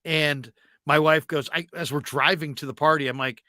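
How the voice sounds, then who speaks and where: A man's voice: on the high side, steady tone, moderate pace, bright, forceful tone, dry recording, clean studio sound. A middle-aged man hosting a casual sports talk show, telling stories animatedly with casual swearing and plenty of fillers. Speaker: show host.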